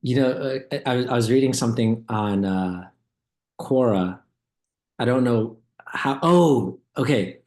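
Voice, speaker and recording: A relaxed man chatting casually with a friend, his pitch in the middle for a man. He tells rambling anecdotes and chuckles often, with many short agreeing replies. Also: a little slow. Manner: laid-back, laughs often, rambling storyteller. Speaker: co-host. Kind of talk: casual reaction chat.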